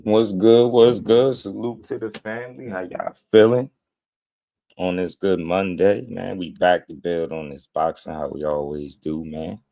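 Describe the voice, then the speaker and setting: A man's voice: low voice, steady tone, unhurried, vocal fry, mellow. A man hosting a casual boxing commentary show, blunt and slangy, laughing often as he talks.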